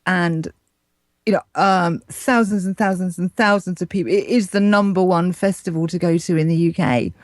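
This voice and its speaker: A woman's voice: fairly low pitch, moderate pace, no echo, studio quality. A woman with an English accent, co-hosting a casual chat in a playful, teasing way. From England. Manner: playful, teasing, laughs easily. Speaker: co-host, correspondent.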